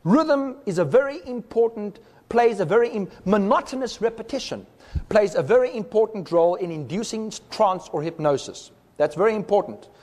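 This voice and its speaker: Man, high voice, teaching talk, step-by-step explaining, long reverb. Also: animated, normal speed, a little mellow. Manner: explains step by step, demonstrates rhythms with sounds. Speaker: speaker.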